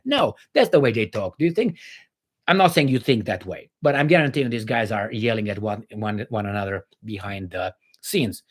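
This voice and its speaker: A man's voice: medium pitch, lively intonation, brisk, husky. Blunt, opinionated man. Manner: opinionated, blunt, many fillers and restarts. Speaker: livestream host reading viewer comments. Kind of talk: casual livestream chat.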